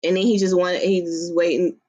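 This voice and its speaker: A woman's voice: on the low side, level tone, brisk, warm tone, slight background noise. A woman telling her story to viewers, explaining in a reflective, conversational way. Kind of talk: storytime commentary on a recording.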